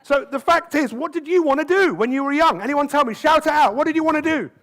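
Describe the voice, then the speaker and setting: A man giving a motivational talk on a conference stage, lively and constantly asking the audience questions. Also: very high-pitched, fast. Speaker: motivational speaker.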